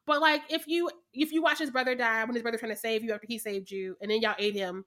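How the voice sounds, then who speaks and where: A woman co-hosting a casual podcast chat, animated and expressive, acting out quotes, swearing and laughing a lot. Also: a little high, quick pace. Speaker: podcast co-host.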